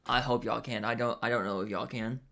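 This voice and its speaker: Young man, casual streamer, nervous and hesitant, lots of fillers, mid pitch. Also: fairly even intonation, a little fast, creaky, bright, forceful tone. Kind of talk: casual live stream chat.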